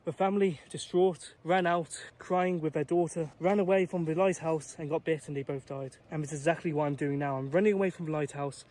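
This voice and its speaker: A man's voice: on the high side, steady tone, a little fast, few pauses, darkish tone. A British man vlogging outdoors on a jungle island, muttering anxiously to himself and sometimes whispering. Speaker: travel vlogger. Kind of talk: vlog narration while trekking. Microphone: handheld camera or phone.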